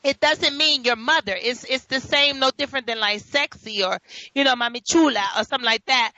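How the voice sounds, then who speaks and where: With a high-pitched, brisk voice, a talk show host from New York tells stories casually, laughing and dropping animated asides. The recording has no room sound but sounds dull and lo-fi.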